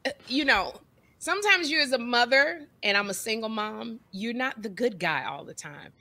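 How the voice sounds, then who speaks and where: A woman's voice: fairly high pitch, moderate pace. A middle-aged woman co-hosting a comedy podcast, chatting casually and slipping into acted voices. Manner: animated, lots of acted voices. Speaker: podcast co-host. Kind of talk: casual chat.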